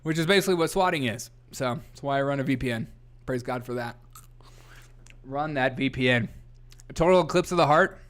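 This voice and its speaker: A man's voice: medium pitch, a little fast, long pauses. A man hosting a casual comedy news livestream, rambling, laughing often and reading chat aloud. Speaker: host.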